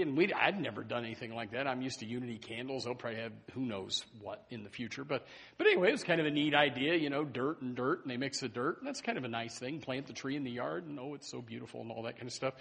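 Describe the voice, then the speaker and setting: A man preaching a sermon in a church, animated and full of stumbling restarts and repeated words. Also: medium pitch, vocal fry, husky. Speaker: pastor. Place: church sanctuary. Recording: long hall reverb.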